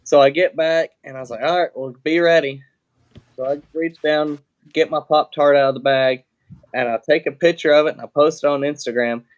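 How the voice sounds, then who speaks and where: A man's voice: a little high, fairly quick, clear, resonant tone. Plainspoken man telling a rambling story. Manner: rambling, loose, with frequent fillers and restarts; relaxed, plainspoken, swears casually. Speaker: podcast guest. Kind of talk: casual storytelling.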